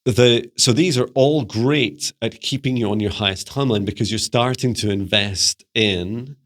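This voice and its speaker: A man who works as a spiritual mentor, talking casually to camera in a chatty, relaxed way and laughing often as he teaches. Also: mid-range voice, normal speed.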